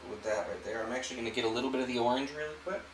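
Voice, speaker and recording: A man hosting an art channel, walking through a painting demonstration in a relaxed way and thinking aloud as he works. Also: medium pitch, rapid-fire, roomy sound, a little hiss or hum, poor audio. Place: home art studio.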